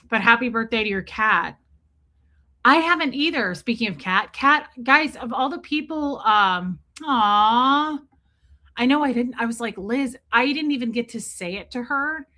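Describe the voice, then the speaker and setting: Bright-voiced gushing woman streamer. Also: a little high. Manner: gushing, chatty, greets viewers by name. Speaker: livestream host. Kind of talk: casual livestream chat.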